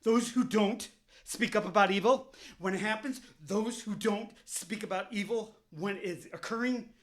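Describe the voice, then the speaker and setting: A man on his own vlog, ranting in anger about politics. His voice sits high for a man, and he swears constantly, circles back and repeats himself as the fury builds. He sounds openly pissed off throughout. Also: normal speed. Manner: heated, profane, repetitive ranting. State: openly angry. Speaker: vlogger. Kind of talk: angry political rant to camera.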